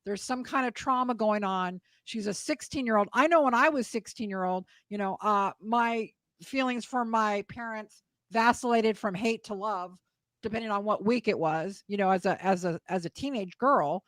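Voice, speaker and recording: A woman's voice: medium pitch, moderate pace, fairly bright tone, no room sound. Chatty gossiping woman host. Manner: chatty, gossipy, laughs along. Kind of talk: casual chat.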